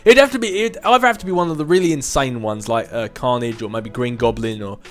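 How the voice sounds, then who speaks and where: A man's voice: medium pitch, fast talker, soft background music. A man in his twenties answering viewer questions in a casual chat, rambling, self-mocking and chuckling often. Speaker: gaming video host answering viewer questions.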